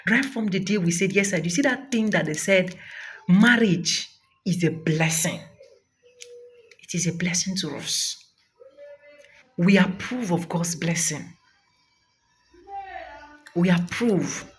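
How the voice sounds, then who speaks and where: A woman's voice: lowish voice, slow pace, long pauses, a little hiss or hum. A young Nigerian woman vlogging a fervent, preachy testimony of thanks, close to tears. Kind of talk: emotional testimony vlog.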